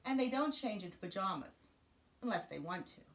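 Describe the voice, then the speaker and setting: A woman teacher reading a children's picture book aloud in an expressive, sing-song way. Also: medium pitch, brisk. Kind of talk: children's storybook read-aloud.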